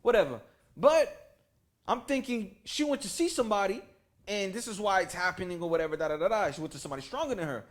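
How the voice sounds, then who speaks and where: A man with a high voice records a casual storytime at home, speaking to his camera and his fans. He swears freely and drops into the voices of the people he talks about. His pitch swings up and down a lot as he goes. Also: lively intonation, fast. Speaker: storytime vlogger. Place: at home, indoor room with lights rigged. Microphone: camera mic.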